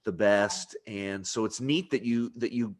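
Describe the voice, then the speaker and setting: A man's voice: on the low side, unhurried. A man hosting a podcast interview in casual chat, rambling with lots of restarts and frequent laughter. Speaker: podcast host.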